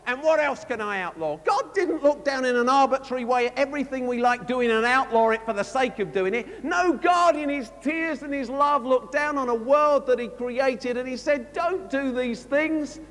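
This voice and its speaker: A man preaching a sermon, telling a story with lively storytelling and acting out both sides of a conversation. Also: very high-pitched, normal speed, hardly any pauses. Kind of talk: sermon anecdote. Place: large conference hall. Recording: long hall reverb from a live conference.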